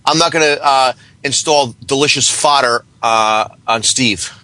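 A man's voice: mid-range voice, a little slow, bright, forceful tone, no echo. A man calling in to a podcast, rambling and stammering through his stories. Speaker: caller. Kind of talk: casual phone-in chat.

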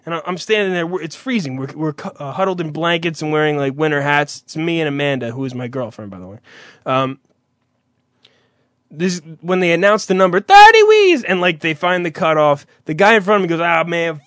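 A man's voice: a little high, brisk, fairly bright tone, dry recording, clean studio sound. Rambling, swearing young man telling stories. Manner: rambling storyteller, swears freely, acts out voices. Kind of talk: casual chat.

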